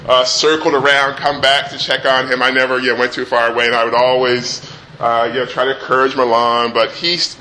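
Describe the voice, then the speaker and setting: A middle-aged father telling a personal anecdote in a relaxed, animated way, acting out the voices. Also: medium pitch, a little hiss or hum. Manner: animated, acts out the voices in his story. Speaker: storyteller.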